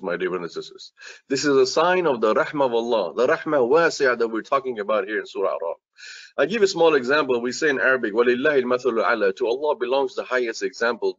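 A man's voice: medium pitch, no echo, lo-fi sound. A man preaching as an imam in an earnest, repetitive sermon that speaks straight to his listeners.

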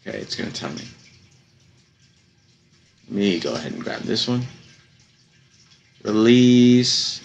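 A young man giving casual, slangy commentary while playing a video game, slightly hoarse from losing his voice. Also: deep voice, very animated, normal speed, pauses often, lo-fi sound. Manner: laid-back, slangy, chatty. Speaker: gaming YouTuber.

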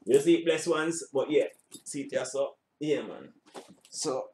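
A man's voice: medium pitch, a little slow, a little mellow, a little hiss or hum. A middle-aged man, hosting a reaction video in a rambling, casual way, repeating himself and swearing now and then. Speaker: reaction channel host.

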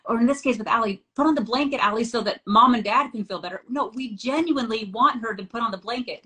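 A middle-aged woman with a somewhat high voice hosts a scripture study discussion. She speaks earnestly, moving between reading passages aloud and telling stories from her own family life. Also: a bit bright, poor audio. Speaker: host.

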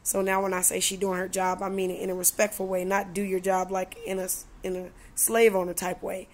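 A woman's voice: medium pitch, fairly quick. Chatty woman vlogger telling stories. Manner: animated, acts out dialogue in voices; chatty, with many "you know" and "like" fillers. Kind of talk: casual storytelling vlog.

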